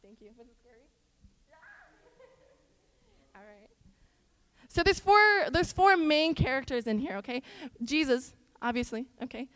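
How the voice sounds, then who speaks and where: A young woman from Iowa tells stories to a church audience in a high, smooth voice. She is animated and chatty, and talks straight to her listeners with asides. Long reverb from a church hall carries every word. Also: measured pace, pauses often. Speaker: church speaker. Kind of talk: chatty sermon with storytelling.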